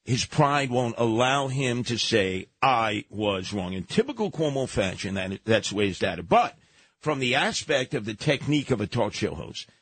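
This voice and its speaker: Male radio host, mid-pitched and husky, blunt storyteller with firm opinions. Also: sing-song, moderate pace, a bit bright, dry recording. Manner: blunt, emphatic storyteller giving advice. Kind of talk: radio talk show banter. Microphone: studio microphone.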